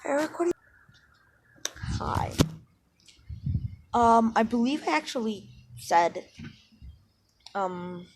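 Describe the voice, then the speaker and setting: Slow, rambling woman with many ums. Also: a little high, expressive. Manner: rambling and self-deprecating, with many ums and likes. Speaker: channel host. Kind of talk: casual fan-story retelling. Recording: background hiss.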